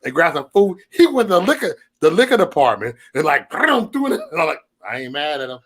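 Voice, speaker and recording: Dude on a livestream at home, cussing and laughing, voice all over the place. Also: male voice, on the high side, fairly quick, a little hiss or hum. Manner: profane, laughing, animated banter. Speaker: livestream host. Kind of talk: casual livestream chat.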